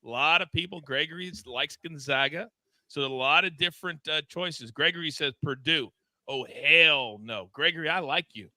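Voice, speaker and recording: Bright, animated male betting-show host. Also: fairly high pitch, moderate pace, dry recording. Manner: lively, teasing banter with co-hosts and chat. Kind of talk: live sports betting show.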